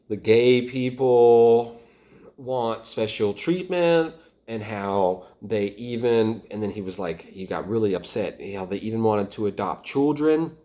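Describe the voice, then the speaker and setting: Rambling man, lowish voice. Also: a little mellow. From Atlanta, United States. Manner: rambling, halting, many restarts. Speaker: volunteer fighter recounting experience. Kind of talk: casual storytelling.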